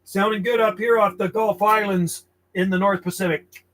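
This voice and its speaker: Man, CB operator, high voice, friendly call-sign chatter, loud static behind. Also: steady tone, moderate pace. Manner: friendly, repeats call signs, easygoing chatter. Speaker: CB radio operator. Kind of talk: radio calling with call signs.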